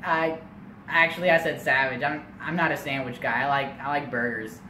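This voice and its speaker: A young man voicing his easygoing teenage brother in a plain, relaxed way. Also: medium pitch, moderate pace, natural voice. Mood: explaining. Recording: echoey room, faint noise.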